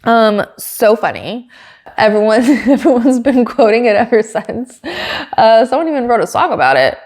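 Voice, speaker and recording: A woman hosting a podcast, recapping a race in a casual, excitable way with lots of filler words. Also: fairly high pitch, normal speed. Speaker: podcast host.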